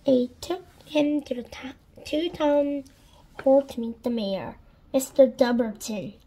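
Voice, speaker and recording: A woman reading a children's storybook aloud in a gentle, deliberate storytelling manner. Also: high voice, low-quality recording. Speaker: storybook reader.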